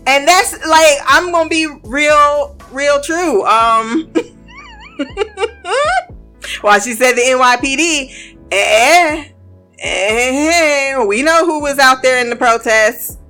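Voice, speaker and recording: A woman talks through a TV episode in loose, casual reaction commentary, her voice bright and forward. She is animated and quick to laugh, tossing in playful asides. Soft music plays faintly underneath. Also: high-pitched. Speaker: TV episode reviewer.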